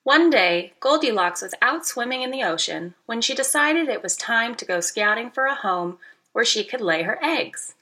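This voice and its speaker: A woman reading a children's picture book aloud, with a bright, clear tone and a fairly high voice. Her pitch rises and falls widely as she plays up each line. She adds playful asides to young listeners. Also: moderate pace. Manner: expressive, playful, teacherly asides. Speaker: narrator. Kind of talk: children's storybook narration.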